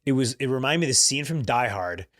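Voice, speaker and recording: A man co-hosting a podcast, telling a story in casual chat, animated and laughing often. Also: mid-range voice, fast. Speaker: podcast co-host.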